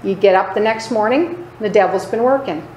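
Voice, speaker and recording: Emphatic woman preaching in an echoey room. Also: moderate pace. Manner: emphatic, repeatedly asking "Right?" for agreement; acts out other people's lines in lower, quieter voices. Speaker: Bible teacher. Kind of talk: sermon. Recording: echoey room, faint background noise.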